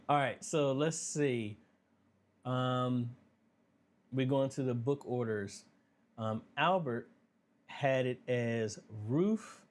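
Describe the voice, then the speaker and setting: A man hosting a casual live Q&A, talking through viewer questions in a relaxed, conversational way with plenty of fillers. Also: mid-range voice, a little slow. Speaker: livestream Q&A host. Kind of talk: casual livestream Q&A.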